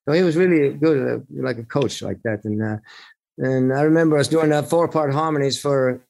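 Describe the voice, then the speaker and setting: A man's voice: fairly high pitch, a little fast, creaky, darkish tone, low-quality recording. A middle-aged man from Finland, a rock singer being interviewed, telling rambling anecdotes with laughs and restarts. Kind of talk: casual storytelling interview.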